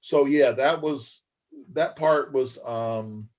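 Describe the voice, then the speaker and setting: A man's voice: mid-range voice, slow pace, darkish tone. A middle-aged former pro wrestler, a guest on an interview podcast, telling long rambling stories in a folksy way and calling his host man and brother. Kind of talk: casual storytelling interview.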